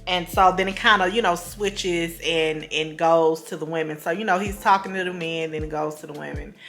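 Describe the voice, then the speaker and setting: A gossipy woman talks through a reality-show recap in a lower-pitched voice. She strings her points together with fillers and side comments. Faint music plays underneath. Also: fairly even intonation, normal speed, a bit bright. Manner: chatty, gossipy, full of fillers and asides.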